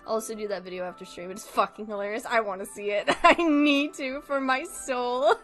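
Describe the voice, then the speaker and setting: A woman's voice: on the high side, fairly quick, fairly bright tone, faint music behind. A woman livestreaming in a casual chat, giggly and swearing often, laughing through her sentences.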